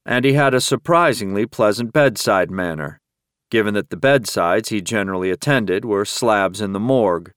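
A man narrating an audiobook in a steady, measured storytelling manner. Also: fairly low pitch, clean tone, dry recording, clean studio sound. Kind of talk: scripted narration.

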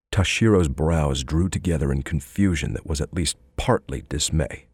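A man narrating an audiobook in a measured, even storytelling manner on a close studio mic. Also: a bass voice, slightly rough, no room sound. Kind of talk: scripted narration.

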